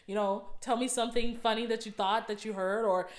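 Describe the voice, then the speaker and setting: A woman's voice: fairly high pitch, fairly even intonation, a little fast. A young woman hosting a podcast in casual chat, swearing freely and laughing often. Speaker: podcast host. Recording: echoey room.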